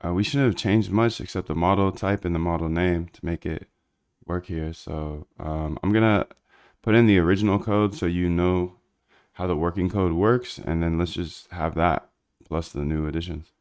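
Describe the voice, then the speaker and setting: A man's voice: low voice, fairly even intonation, normal speed, darkish tone, smooth. A man streaming live while he codes, rambling in slangy casual talk to himself and his chat. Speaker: livestreaming programmer.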